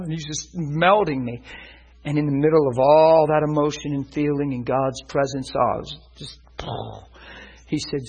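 A man preaching, telling his own story as a sermon testimony, animated and often laughing. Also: a little high, measured pace, long pauses, low-quality recording.

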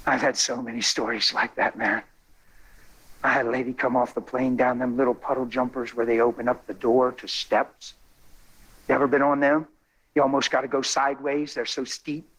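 A man telling a testimony in a sermon, animated and folksy, building to excited exclamations. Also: medium pitch, normal speed, slightly rough, poor audio. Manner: colloquial, folksy phrasing.

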